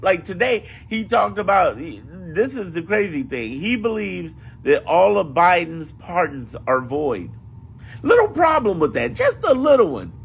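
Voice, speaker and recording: Man, political commentary, casual monologue, lively swooping pitch, emphatic, profane, repeats himself. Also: gravelly, a little hiss or hum. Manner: animated, emphatic and profane, repeating points for effect.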